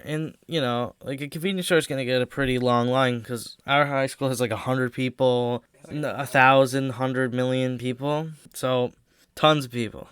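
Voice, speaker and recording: A man's voice: medium pitch, fairly bright tone, smooth, no echo. A teenage boy telling a rambling, joking, profane story in a casual vlog. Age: teens.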